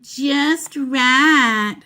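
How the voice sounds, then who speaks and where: A woman doing a huffy little roughneck girl. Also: sits high, very slow, sharp tone, voice pushed up, heavily acted.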